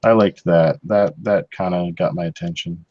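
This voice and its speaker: Blunt, eager guy in relaxed chat, dry and lo-fi. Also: deep voice, moderate pace, dry recording. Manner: enthusiastic, blunt, swears casually. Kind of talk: casual chat. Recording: dry, muffled lo-fi audio.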